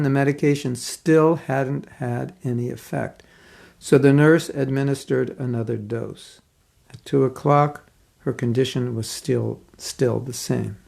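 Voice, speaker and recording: A man giving a devotional class, reading a story aloud and commenting on it in an earnest, expressive storytelling manner with pauses. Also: medium pitch, creaky. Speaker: spiritual teacher giving a class.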